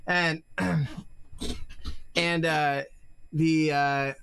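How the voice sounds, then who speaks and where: A woman narrating a tabletop game as game master, halting with many fillers and restarts. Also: low voice, flat delivery, a bit bright, clean tone.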